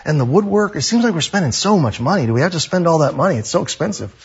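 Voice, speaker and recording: Pastor putting on a fretful church member. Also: male voice, on the high side, expressive, quick pace, slightly rough, muffled recording, heavily acted. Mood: worried. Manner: fretful, pleading. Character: worried older male church member, anxious then relieved.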